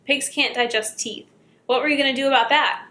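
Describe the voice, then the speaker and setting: A woman voicing an ancient, menacing male pig farmer who talks in a gruff, mocking way. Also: high voice, fairly even intonation, a little fast, sharp tone, pitched above the performer's own voice.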